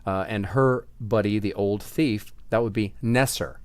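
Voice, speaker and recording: A man who writes fantasy novels, vlogging in a relaxed, chatty way with many fillers and a slight Southern US accent. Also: lowish voice, measured pace, no echo. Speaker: author vlogging about his books. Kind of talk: casual vlog talk.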